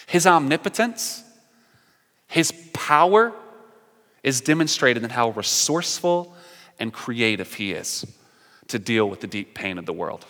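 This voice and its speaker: A man preaching a sermon in an earnest way, moving between emphatic lines and hushed, quiet ones. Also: medium pitch, sing-song, a little slow, long pauses, long reverb tail. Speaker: pastor.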